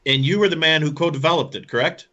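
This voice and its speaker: A man's voice: a little high, quick pace, pushed and bright, highs cut off. A male host asking casual questions and affirming his guest in a conversational interview.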